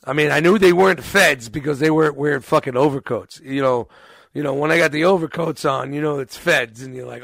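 A man's voice: fairly high pitch, brisk, gravelly, fairly bright tone, dry recording. A man casually telling a rambling, profane story and acting out quotes along the way.

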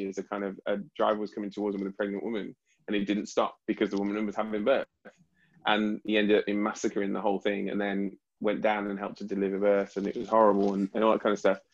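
A man who hosts the talk and is a psychologist, thinking aloud in a reflective, hesitant way with many fillers. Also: fairly low pitch. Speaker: podcast host, psychologist. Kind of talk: reflective conversation. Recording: slightly dull lo-fi audio.

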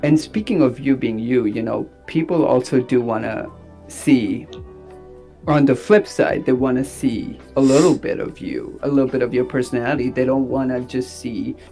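A man who is an actor and director, talking in a rambling, animated way with many fillers. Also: medium pitch. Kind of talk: casual interview talk.

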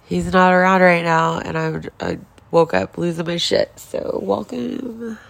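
Upset, swearing woman with a gravelly voice. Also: fairly low pitch, level tone, moderate pace. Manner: raw, emotional, heavy swearing, rambling. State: upset, on the edge of tears. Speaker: vlogger. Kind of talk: casual confessional vlog.

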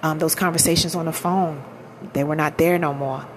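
A woman's voice: deep voice, fairly even intonation, moderate pace, slight background noise. A woman in her thirties telling a personal story in a candid, emphatic, colloquial way. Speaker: vlogger.

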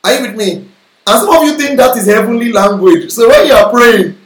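High-voiced man teaching the Bible. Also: fairly quick, reverberant, poor audio. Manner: explanatory, checks in with listeners often. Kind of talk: sermon-style Bible teaching.

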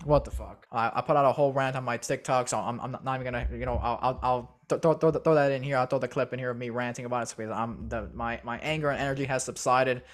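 A man's voice: mid-range voice, steady tone, fast talker, few pauses. A man co-hosting a sports podcast, talking in a casual, profane and often ranting way. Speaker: podcast co-host.

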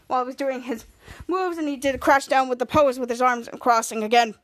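High-voiced woman rambling through a recap. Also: fairly even intonation, a little fast. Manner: rambling, repeats itself often, restarts sentences. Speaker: podcast host. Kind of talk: casual TV episode recap.

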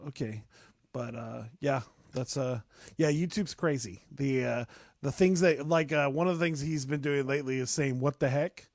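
A man's voice: medium pitch, moderate pace, vocal fry, no room sound. A young man chatting casually as a podcast host, rambling with lots of fillers and restarts. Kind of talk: casual chat.

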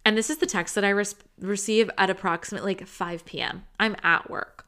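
A young woman with a bright, clear voice co-hosts a casual chat podcast. She tells her story in an animated way, slipping into quoted reactions of exaggerated disgust. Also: medium pitch, fairly quick. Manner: animated storytelling, quoting herself with dramatic disgust. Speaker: podcast co-host.

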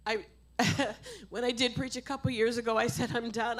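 A middle-aged woman preaching a sermon, impassioned, swinging from quiet asides to loud exhortation. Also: fairly high pitch, fairly even intonation, moderate pace. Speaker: pastor.

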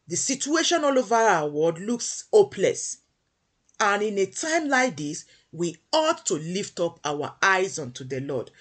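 A woman preaching a devotional sermon, emphatic and repeating phrases for weight, with a husky voice. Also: fairly low pitch.

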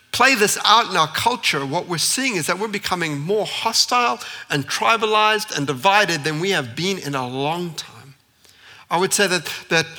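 Bright-voiced man preaching a sermon. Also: fairly high pitch, in a large hall. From South Africa. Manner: earnest, building emphasis with repeated phrases. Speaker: pastor. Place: church.

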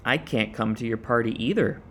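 A man voicing a gentle, patient mother rabbit in a storybook. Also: medium pitch, a little fast, slight background noise, close to an everyday voice. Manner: gentle, soothing.

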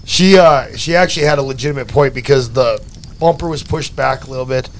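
A man's voice: medium pitch, fairly quick. A man telling a rambling, profane story in casual chat, stacking fillers as he goes. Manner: rambling and profane, full of "like" and "you know".

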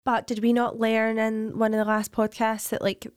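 A woman on a podcast, putting in dry, questioning comments during casual chat. Her voice is smooth and clear, recorded close with a dry sound. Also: fairly high pitch, monotone, normal speed, no room sound. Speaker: podcast co-host.

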